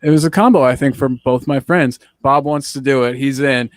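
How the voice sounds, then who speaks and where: A man's voice: medium pitch, steady tone, fairly quick, no room sound, studio quality. A young man hosting a casual chat, joking and teasing in a playful, self-mocking way. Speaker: podcast host.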